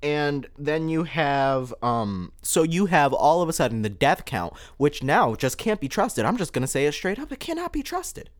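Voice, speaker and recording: A man with a lively, swinging pitch holds forth on his own podcast. He talks in emphatic bursts and hammers home words by repeating them, close on a podcast microphone. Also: moderate pace, hardly any pauses. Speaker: podcast host. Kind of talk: solo podcast commentary.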